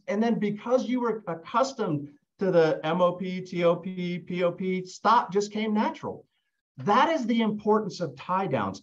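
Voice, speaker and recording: Man coaching over dull webinar audio. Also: sits high. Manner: conversational, keeps asking "right?", repeats words when restarting. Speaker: real estate sales trainer. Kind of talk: live online coaching session.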